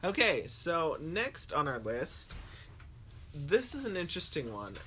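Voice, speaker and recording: A man's voice: a little high, huge pitch swings, measured pace, sharp tone, a little hiss or hum. A man co-hosting a podcast in casual news chat, chatty and full of fillers like "like", laughing at himself. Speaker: podcast co-host.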